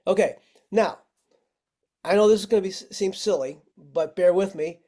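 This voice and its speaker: A man's voice: high-pitched, moderate pace, mellow. A man teaching firefighters over a video call, friendly and walking through simple tricks step by step. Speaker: firefighting instructor. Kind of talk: virtual training lesson.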